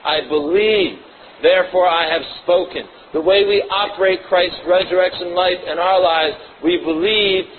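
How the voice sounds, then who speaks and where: A man's voice: sits high, steady tone, unhurried. A man preaching a sermon, reading scripture aloud and then explaining it with personal asides. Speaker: pastor. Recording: muffled phone-like audio, faint hiss.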